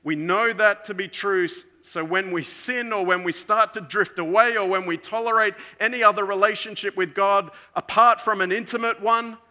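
A man preaching a sermon, telling a story in an earnest way that moves between emphatic and hushed. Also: sits high, fairly even intonation, normal speed, few pauses.

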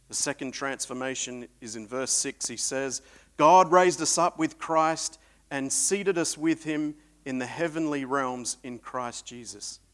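A man preaching a sermon, swinging between loud emphatic peaks and quiet reflective stretches. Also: a little high.

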